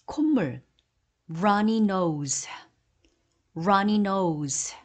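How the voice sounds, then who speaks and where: A woman with a mid-range voice and lively intonation reads an English vocabulary list. For every entry she says the Korean term, then pronounces the English phrase twice, slowly and deliberately.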